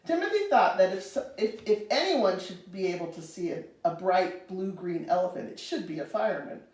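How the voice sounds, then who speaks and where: A woman reading a children's storybook aloud in an expressive, animated way. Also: mid-range voice, normal speed, distant mic. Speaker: storybook reader. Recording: roomy, reader away from mic.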